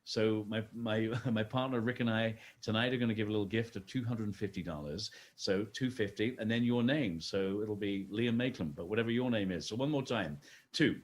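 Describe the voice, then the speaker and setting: A man's voice: fairly low pitch, normal speed. A man co-hosting a virtual fundraising gala, chatty and joking as he urges viewers to give. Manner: chatty, jokey, urging viewers to donate. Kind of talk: scripted event hosting with playful banter.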